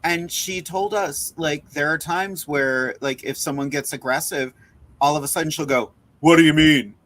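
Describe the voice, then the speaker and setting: A man speaking as co-host in a casual panel chat, in a heartfelt and gentle way. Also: fairly high pitch, steady tone, moderate pace.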